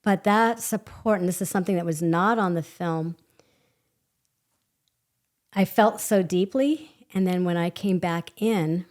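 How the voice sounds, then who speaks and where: Female guest, lower voice, lively storyteller who laughs and acts out voices. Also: a little slow, pauses often. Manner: animated, laughs often, acts out quoted voices. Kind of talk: conversational storytelling.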